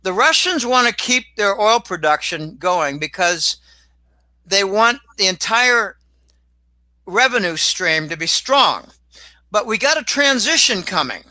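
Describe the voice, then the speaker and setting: Guy with a high bright voice going off on tangents in an interview, loud outbursts here and there, dry close sound. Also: no room sound, rough recording. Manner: rambling and animated, with sudden exclamations. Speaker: guest commentator. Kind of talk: casual interview talk.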